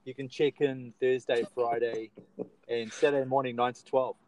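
A man's voice: mid-range voice, little pitch movement, normal speed, darkish tone, rough recording. A man with an Australian accent hosting a casual podcast chat, easygoing and bantering with his co-host.

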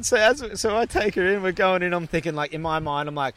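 A young man telling a story in a casual, animated way, swearing and laughing as he goes. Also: high-pitched, a little fast.

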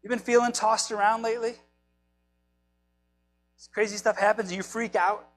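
A man's voice: sits high, steady tone, moderate pace, a bit bright, soft background music, low-quality recording. A man in his thirties or forties, probably, preaching a casual, chatty sermon, joking about himself and asking his listeners questions. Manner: chatty, self-deprecating, asks the listeners questions. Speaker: pastor.

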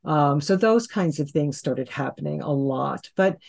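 A woman's voice: sits low, lively intonation, unhurried, creaky, darkish tone. Rambling woman telling a personal story. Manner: rambling, with restarts and "you know". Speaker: guest hypnotherapist. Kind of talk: casual conversational storytelling.

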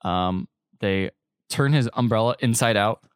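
A man's voice: fairly low pitch, a little slow, clean tone, no room sound, clean studio sound. A man co-hosting a podcast, casually recapping a movie and acting out the characters' lines in mock voices. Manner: animated storytelling, quoting characters in mock voices. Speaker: podcast co-host.

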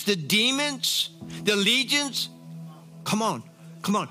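A man preaching with a high, bright, forceful voice. He reads scripture and keeps stopping to comment and exclaim in fervent praise. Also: lively intonation, takes it slowly, faint music behind. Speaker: pastor. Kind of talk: sermon, reading scripture with commentary.

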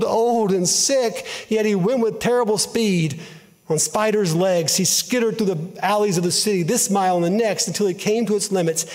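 A man giving an earnest, emotive dramatic reading of a story, in a measured way. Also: sits high, darkish tone. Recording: long hall reverb.

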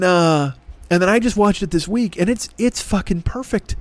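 A man's voice: high voice, expressive, a little fast, dry recording. A middle-aged man hosting a show, ranting and rambling in a profane comic monologue, often swearing and mocking other voices. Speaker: podcast host.

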